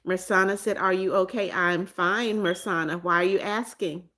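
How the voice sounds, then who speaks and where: A woman's voice: lowish voice, steady tone, normal speed, fairly bright tone. A middle-aged woman from the United States hosting a casual livestream, chatting and reading viewer comments aloud, often repeating greetings and names. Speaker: livestream host.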